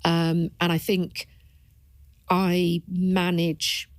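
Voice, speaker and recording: A thoughtful woman in a podcast conversation, reflecting earnestly and often circling back to restart a phrase. Her voice sits somewhat low. The sound is dry and close-miked. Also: monotone, very slow, no room sound. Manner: earnest and thoughtful, with frequent restarts and repeated words. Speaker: palliative care doctor, podcast guest.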